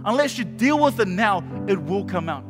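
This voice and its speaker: A high-pitched man preaches to his church, animated and jokey, and swings between loud bursts and hushed asides. His voice carries a long hall reverb, with faint music underneath. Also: moderate pace. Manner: animated, jokey preaching with sudden shouts and quiet drops. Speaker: pastor. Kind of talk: sermon.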